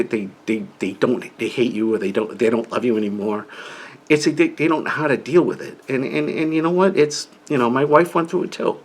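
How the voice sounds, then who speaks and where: A man's voice: medium pitch, breathy edge. A middle-aged man talking casually about living with an inner-ear condition, rambling and restarting his sentences often. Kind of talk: casual personal talk to camera.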